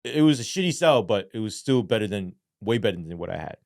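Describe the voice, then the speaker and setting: Profane New man, low dry voice. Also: fast, no echo. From New York. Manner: profane and animated, keeps asking "right?". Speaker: guest. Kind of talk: casual storytelling.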